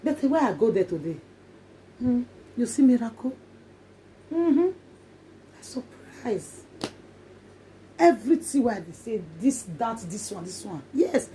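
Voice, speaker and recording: A woman's voice: a little high, mellow, a little hiss or hum. Emphatic Nigerian woman vlogging. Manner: emphatic and repetitive, in Pidgin English. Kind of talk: casual monologue to viewers.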